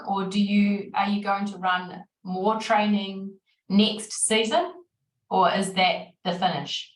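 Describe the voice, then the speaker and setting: A woman's voice: mid-range voice, distant mic. New Zealand woman moderating, effusive and encouraging; roomy echo, sits back from the mic. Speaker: session moderator. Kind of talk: online webinar Q&A.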